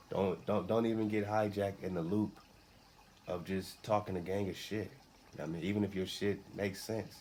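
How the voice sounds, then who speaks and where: A man's voice: deep voice, a little mellow. A man hosting a radio show, giving a loose, slangy spiritual talk and repeating his phrases. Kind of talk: casual spiritual teaching talk. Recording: faint background noise.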